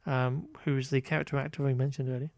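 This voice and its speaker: A man's voice: medium pitch, little pitch movement, fast talker, creaky, darkish tone, no room sound, studio quality. A man co-hosting a casual podcast, recapping a film in a wry, exasperated way with lots of fillers. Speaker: podcast co-host. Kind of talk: casual chat reviewing a film.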